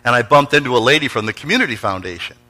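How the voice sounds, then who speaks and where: Man, middle-aged, pastor, lively storytelling sermon, calls on congregation, very bright tense voice, church. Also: medium pitch, very fast, poor audio. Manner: energetic, calls out to the congregation for responses. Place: church sanctuary before a congregation.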